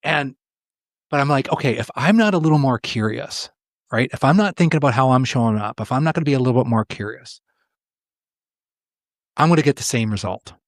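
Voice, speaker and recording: A man's voice: mid-range voice, animated, fairly quick, pauses often, dry recording. Middle-aged man, a coach telling a story over a dry mic. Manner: repeats words while telling a personal story, often voicing the people in it. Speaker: executive coach, guest. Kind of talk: conversational interview storytelling.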